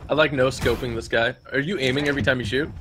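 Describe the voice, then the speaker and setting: A young man co-playing a game, quick and directive with a joking streak. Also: mid-range voice, fairly even intonation. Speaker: co-host gamer. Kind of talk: casual co-op game commentary. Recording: noisy background.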